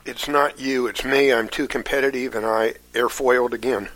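A man with an ordinary mid-range voice trades quick one-liner puns in a casual podcast chat. His delivery is brisk and informal. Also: mid-range voice, steady tone, a bit bright, low-quality recording. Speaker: podcast co-host. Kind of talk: casual pun-swapping chat.

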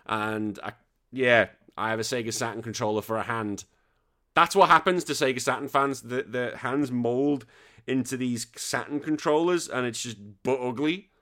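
A man's voice: mid-range voice, moderate pace. Sweary northern English man ranting. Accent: Northern English, near Liverpool. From England. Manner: sweary, jokey, animated rants. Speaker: podcast host. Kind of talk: casual chat reading listener questions.

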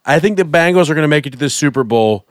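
Man, podcast host, casual sports chat, rambling, slightly high voice, dry close mic. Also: expressive, quick pace, no room sound. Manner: rambling, jokey, trails off and restarts.

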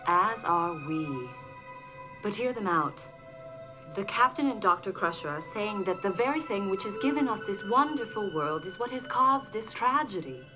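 Actress as an alien stateswoman, 1980s TV drama, calm, pleading, persuasive, mid-pitched, music playing underneath. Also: moderate pace, natural voice. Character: earnest woman leader of an alien society. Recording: TV episode clip with music beneath.

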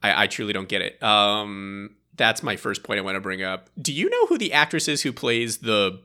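A man co-hosting a podcast, chatting casually about a film in a rambling, animated way and laughing often. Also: lowish voice, normal speed. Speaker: podcast co-host. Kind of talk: casual movie review chat.

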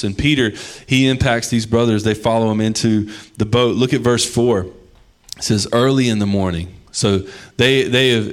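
A man preaching a sermon in a casual, conversational way, acting out the people in the stories he tells. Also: lowish voice. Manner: conversational, animated storytelling with acted-out quotes. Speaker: pastor.

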